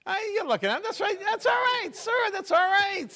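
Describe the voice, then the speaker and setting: A man's voice: very high-pitched, very animated, normal speed, sharp tone. A middle-aged man doing a stand-up set, chatty and teasing the audience. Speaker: stand-up comedian. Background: audience laughter.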